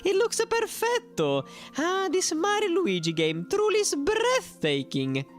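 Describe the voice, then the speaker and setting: A woman voicing Mario, an excitable Italian-accented plumber man, with squeaky, exaggerated Italian exclamations. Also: measured pace, soft background music, heavily acted. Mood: delighted.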